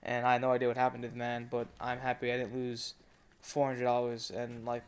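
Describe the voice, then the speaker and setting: A man's voice: mid-range voice, monotone, brisk, clean tone. A young man telling a long travel story to his viewers, rambling and swearing, with lots of fillers. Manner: profane, rambling, frequent fillers. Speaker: vlogger. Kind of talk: casual storytelling rant.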